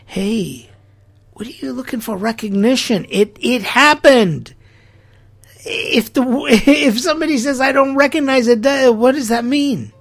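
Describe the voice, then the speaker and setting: A middle-aged man hosts a podcast with an extremely high-pitched, unhurried voice, working through an opinion monologue. He sounds incredulous and rhetorical, acting out quotes as he goes.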